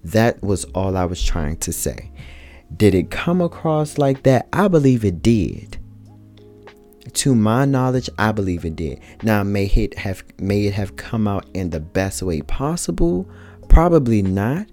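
A man's voice: lowish voice, very animated, unhurried, a little mellow, soft background music. A man talking earnestly in a reflective personal monologue, speaking colloquially to his listeners and repeating key points for emphasis.

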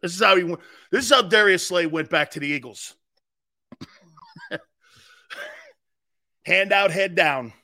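A man's voice: high-pitched, animated, normal speed, pauses often, pushed and bright. A man hosting a live football talk show, blunt and mocking. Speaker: sports talk show host. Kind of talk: live sports radio talk.

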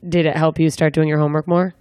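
A young woman hosts a loose interview, asking rambling questions and tossing in jokes as she goes. Her voice sits a little low for a woman, and the dry recording carries no room echo. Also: flat delivery, quick pace, dark tone, smooth. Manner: chatty, rambling, joking questions with fillers. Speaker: interviewer, comedian. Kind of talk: casual interview chat.

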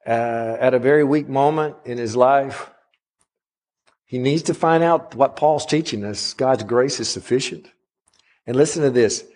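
A middle-aged man preaching a sermon as a guest pastor, climbing higher and louder on emphatic lines and dropping soft on quiet ones. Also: measured pace. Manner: rises in pitch and volume on emphatic runs, drops soft on quiet points.

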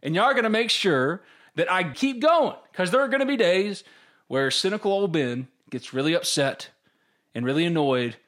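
Guy in his 30s co-hosting a podcast, kinda high voice, really lively up and down, candid storytelling. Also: moderate pace. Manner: candid, animated storytelling with quoted inner voices. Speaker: podcast co-host. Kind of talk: casual sports podcast chat.

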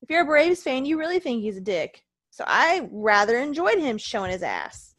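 A woman's voice: high voice, big pitch swings, moderate pace, a bit bright, dry recording. A tired, ill woman co-hosting a casual wrestling podcast, ranting heatedly and swearing a lot. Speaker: podcast co-host.

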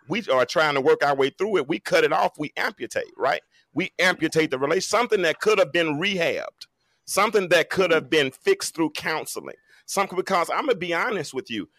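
A man's voice: fairly high pitch, a bit bright, no room sound. A man in his forties speaking on a talk show panel, emphatic and preacherly, with folksy jokes. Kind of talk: animated panel discussion.

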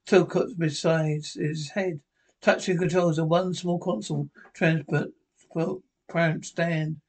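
A man with a somewhat high speaking voice retells a TV episode scene by scene for a podcast. His reading is halting, with frequent restarts. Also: gravelly, a little mellow, poor audio. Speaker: podcast narrator.

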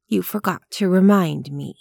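A woman voicing a prim, quietly disapproving elderly lady in an audiobook reading. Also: fairly low pitch, moderate pace, gravelly, dry recording, studio quality. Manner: genteel, precise, quietly disapproving. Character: prim, gently sharp-tongued elderly woman.

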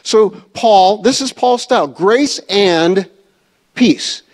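A man's voice: sits high, animated, takes it slowly. A man teaching a church Bible study in a conversational way, asking the audience questions.

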